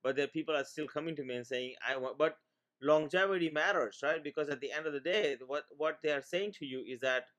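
A man's voice: fairly high pitch, fairly quick, fairly bright tone, dull audio. A middle-aged man from India, a financial planner, talking as a guest in a casual interview, rambling with many restarts.

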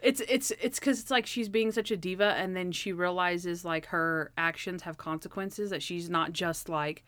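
A woman's voice: fairly low pitch, normal speed, hardly any pauses, a bit bright, no room sound. A young woman retells a TV episode in casual chat, full of "like" fillers. She acts out the lines with animation. Her voice sounds dry and close, with no room around it. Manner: frequent "like" fillers.

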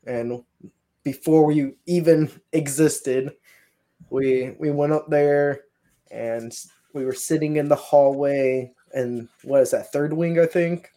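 A man's voice: mid-range voice, steady tone, unhurried, dark tone. A man, a guest paranormal investigator, telling his stories in a loose, rambling way with plenty of fillers. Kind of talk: casual storytelling.

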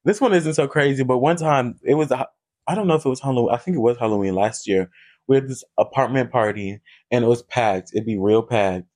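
A young man co-hosting a casual podcast at an ordinary middle pitch. He tells stories in a relaxed, profane way and laughs often. It sounds like chatting with a friend. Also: fairly quick. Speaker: podcast co-host. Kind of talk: casual chat.

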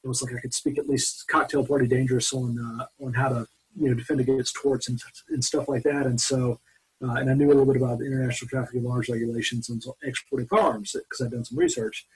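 As an interview guest, this forties-aged ex-Marine from Mobile, Alabama, US, rambles through animated anecdotes in casual storytelling, restarting often. He talks quickly, his medium-pitched voice slightly rough, and the audio is poor.

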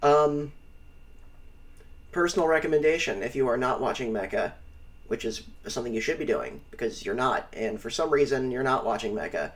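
Excitable, profane male podcast co-host. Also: mid-range voice, moderate pace. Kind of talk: casual chat.

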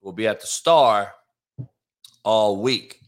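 A man's voice: on the low side, slow pace. A man hosting his own live stream, talking loosely and rambling, then ranting profanely at people in his chat. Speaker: live show host. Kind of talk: casual live-stream talk.

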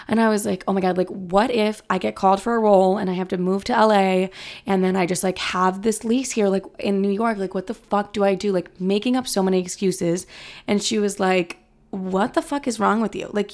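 A young woman hosting a podcast, telling a long story in a rambling, profane, animated way, acting out the dialogue. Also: mid-range voice, creaky. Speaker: podcast host. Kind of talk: casual storytelling monologue.

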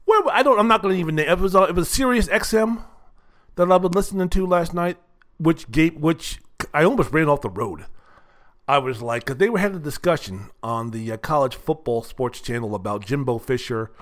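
A man's voice: on the high side, brisk, a bit bright. An older man hosting a solo sports talk show, talking in a blunt, rambling, profane way with many fillers. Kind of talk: casual solo sports commentary.

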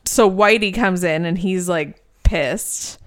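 A woman's voice: lowish voice, slow pace, no echo, clean studio sound. A woman co-hosting a casual podcast, recapping a show bluntly and swearing casually. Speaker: podcast co-host recapping episodes.

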